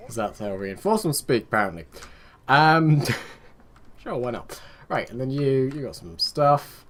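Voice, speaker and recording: A man's voice: mid-range voice, lively intonation, moderate pace. A young man giving casual let's-play commentary, rambling and chatting to his game units with muttered asides. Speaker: gaming video host.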